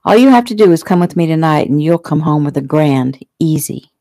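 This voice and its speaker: A woman's voice: deep voice, lively intonation, fairly quick, warm tone, dry recording. A woman reading the part of a brash, sarcastic woman who teases her friend, in a storybook. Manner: sarcastic, mocking.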